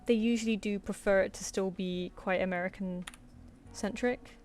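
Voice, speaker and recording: A woman's voice: medium pitch, fairly even intonation, moderate pace, a little mellow, faint music behind. A woman chatting casually with viewers while she draws on a live stream, rambling and laughing easily. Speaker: streaming artist. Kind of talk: casual chat while drawing.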